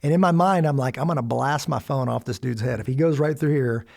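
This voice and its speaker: A middle-aged American man telling a story as a guest, animated and acting out quoted lines with sudden loud bursts. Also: mid-range voice, fairly quick, gravelly. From United States. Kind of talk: storytelling in a conversation.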